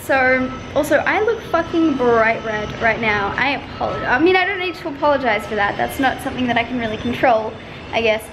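Young woman, high voice, casual vlog chatter, rambling, swears, noisy background. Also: lively intonation, brisk. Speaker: vlogger.

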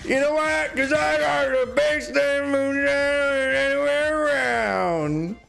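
A man's voice: very high voice, vocal fry, a bit bright, soft background music, voice pushed up, full character voice. A man putting on the voice of a rowdy, boastful backwoods moonshiner, hollering and drawing out his brags. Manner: drawn-out hollering brag.

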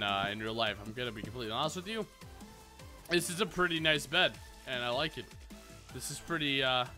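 A young gaming YouTuber rambles through casual Minecraft let's play commentary, packing it with self-mocking jokes. His voice sits on the high side with a sharp tone.

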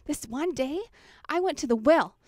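A woman acting out a Samaritan woman at the well, loudly offering water and telling her story with animated excitement. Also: high-pitched, moderate pace, dry recording, studio quality, voice pushed up. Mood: excited. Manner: loud, eager and animated, calling out offers. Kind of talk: costumed Bible story role-play. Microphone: handheld mic.

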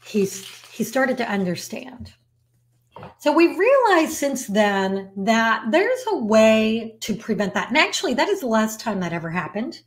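A woman who manages an artist's business and writes about it, telling a story and giving advice to camera in a lively, emphatic way. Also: on the high side, a little slow. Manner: animated storyteller, emphatic repetition.

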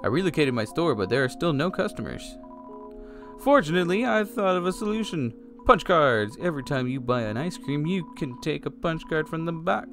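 A man voicing an eager male bunny ice cream vendor, reading his upbeat sales pitch from a game aloud. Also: animated, moderate pace, fairly bright tone. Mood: hopeful pitch. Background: game music.

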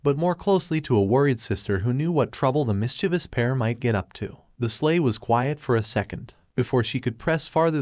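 Male narrator for a fan fiction reading, steady and even, mid-pitched, dry close sound. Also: no echo.

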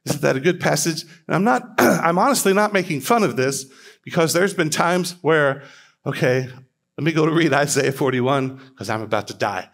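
Animated man questioning scripture to a crowd. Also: fairly high pitch. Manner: conversational, questioning, quotes scripture aloud. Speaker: speaker at a church hangout. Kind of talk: informal teaching talk to a live audience.

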